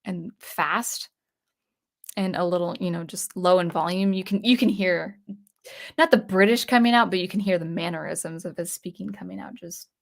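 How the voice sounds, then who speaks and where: A woman's voice: fairly low pitch, moderate pace, vocal fry. A young adult woman hosting a casual livestream, reading chat comments aloud in a chatty, hesitant way with many fillers and restarts. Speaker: livestream host.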